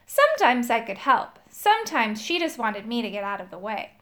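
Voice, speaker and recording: A woman reading a children's story aloud, telling it in the first person with an expressive storyteller's lilt. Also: on the high side, moderate pace. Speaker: storybook reader.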